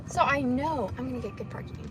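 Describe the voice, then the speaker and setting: A woman's voice: high voice, expressive, quick pace. A young woman livestreaming casually from her car, swearing and muttering at other drivers as she looks for parking. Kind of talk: casual live stream chat while driving. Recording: loud car noise behind voice. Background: car and road noise.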